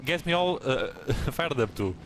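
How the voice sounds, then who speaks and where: A man's voice: mid-range voice, sing-song, measured pace, a little hiss or hum. A man doing a rowdy, hearty sailor. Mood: boisterous. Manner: hearty sailor slang, stumbling over written lines. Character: rowdy boisterous male sailor, hard-drinking deckhand. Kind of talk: reading game dialogue aloud in character.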